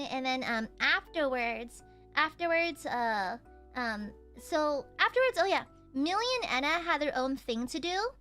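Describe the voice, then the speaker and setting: A woman streamer telling a story in casual chat, animated, laughing often and swearing casually. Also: sits high.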